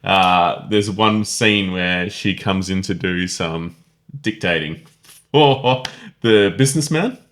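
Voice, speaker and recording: A man's voice: deep voice, slow pace, a bit bright. A man co-hosting a casual film review podcast, chatty and self-deprecating, laughing often. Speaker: podcast co-host.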